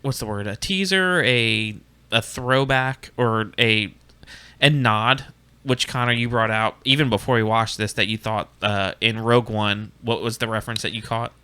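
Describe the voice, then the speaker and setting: A young man co-hosting a casual podcast, talking loosely with lots of "like" and quick asides. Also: lowish voice, pushed and bright, clear, resonant tone. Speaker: podcast co-host. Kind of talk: casual fan discussion.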